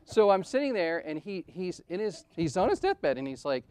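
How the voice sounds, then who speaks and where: Middle-aged male conference speaker, heartfelt storyteller, punchy rhetorical questions, shifts from booming to hushed. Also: brisk. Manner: animated, rhetorical questions, swings from loud to soft. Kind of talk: personal storytelling talk.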